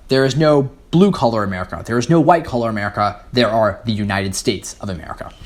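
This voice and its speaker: Teen guy laying out debate tips, articulate, organized, mid-pitched voice. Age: teens. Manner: articulate, structured, lecture-like. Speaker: guest student speaker. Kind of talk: explaining public speaking tips.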